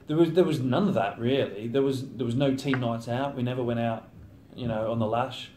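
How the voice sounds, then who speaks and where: Man, 30, professional footballer, relaxed interview talk, mid-pitched, echoey room sound. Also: a little fast, slight background noise. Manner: chatty, acts out teammates' banter. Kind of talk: casual interview chat. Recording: roomy echo.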